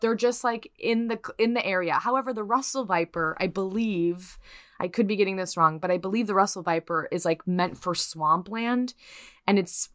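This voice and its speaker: A woman co-hosting a podcast, telling a true crime story in casual, profane chat and putting on quick voices for the people in it. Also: mid-range voice, fairly bright tone, no room sound, studio quality.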